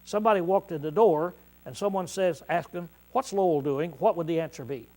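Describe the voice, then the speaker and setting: Man preaching, slightly high voice, keeps clearing his throat, reads verses then explains, chatty teaching tone. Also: a little fast, darkish tone. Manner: reads scripture aloud, then explains it plainly; conversational, uses hands-on demonstration with congregation. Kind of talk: sermon.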